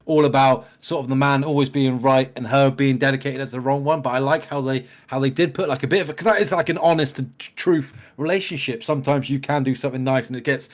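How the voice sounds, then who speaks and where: A man's voice: medium pitch, fairly even intonation, quick pace, hardly any pauses. A man co-hosting a casual reaction show, earnest and agreeable. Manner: earnest, keeps saying mate. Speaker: reaction video co-host.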